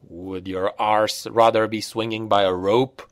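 A man voicing a stern, hard-driving male soldier sergeant in an audiobook, speaking low and slow with gruff authority. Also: dry recording, clean studio sound. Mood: menacing.

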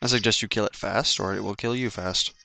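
Low-voiced guy ranting and cussing over a game, tense sharp tone. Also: fairly even intonation, brisk, gravelly, a little hiss or hum. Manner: swearing, frustrated ranting. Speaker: let's play commentator. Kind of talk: gameplay commentary. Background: faint game music.

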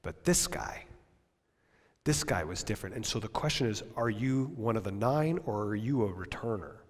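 A male pastor preaching a sermon at a church service, impassioned, swinging from loud emphasis down to near-whispers. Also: fairly low pitch, lively intonation, normal speed, big-room sound.

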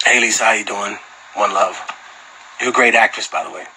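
A man's voice: on the low side, fairly quick, vocal fry, a little hiss or hum, low-quality recording. A man answering fans on a phone livestream in casual talk. He tells profane stories with lots of energy and laughs often. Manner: animated, profane storyteller who laughs often. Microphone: phone camera.

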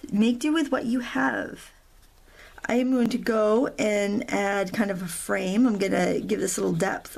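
Chatty middle-aged woman with vocal fry. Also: mid-range voice. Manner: chatty, rambling, with self-deprecating asides. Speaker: craft tutorial host. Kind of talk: real-time coloring tutorial.

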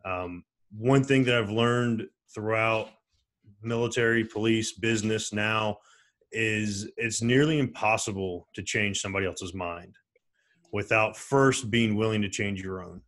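A man speaking as a panelist in a video-call discussion, earnest and measured as he reflects on listening. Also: on the low side, steady tone, fairly bright tone.

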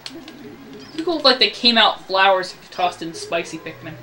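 A man's voice: high voice, sing-song, normal speed, bright, forceful tone. A man giving casual let's-play commentary, rambling and ranting about the game as he plays. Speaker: gameplay commentator.

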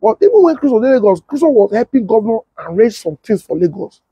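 A young adult man with a Nigerian Pidgin English accent, telling a story and acting out the voices of others in a husky tone. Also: fast, dry recording, lo-fi sound. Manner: switches to high excited voice when quoting others. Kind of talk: animated storytelling with acted-out quotes.

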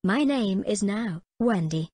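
A woman's voice: medium pitch, expressive, takes it slowly, dark tone, husky, no echo. A woman voicing a young waitress, earnest, in a plain amateur delivery with a dry sound.

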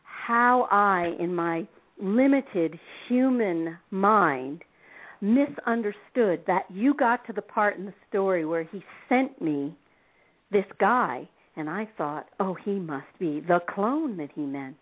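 A woman guest on a radio call-in show, telling stories in an animated way and laughing often. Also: mid-range voice, slow pace. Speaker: relationship expert guest. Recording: tinny phone-line sound.

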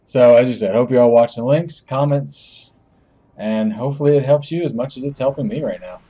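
Jokey, excitable gameplay commentator man. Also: mid-range voice, fairly quick, husky, highs cut off. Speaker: gaming channel host.

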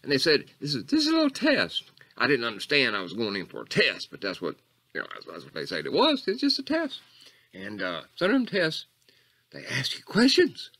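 A man doing rambling Coach Catfish, wildly swinging pitch. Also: huge pitch swings, a little fast, pushed and bright, heavily acted. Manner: rambling, tangent-prone, jumps between squeaky highs and low mutters. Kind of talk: comedic character monologue.

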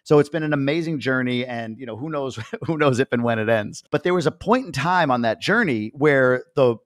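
Guy in his 40s, podcast host, talks fast and chatty, dry close mic. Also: mid-range voice, dry recording. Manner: chatty, animated, acts out quoted voices. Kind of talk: casual interview chat.

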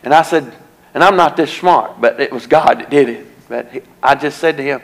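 A man's voice: on the high side, moderate pace, low-quality recording. Earnest evangelist man. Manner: folksy, earnest, building to solemn warning. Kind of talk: storytelling revival sermon. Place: church sanctuary.

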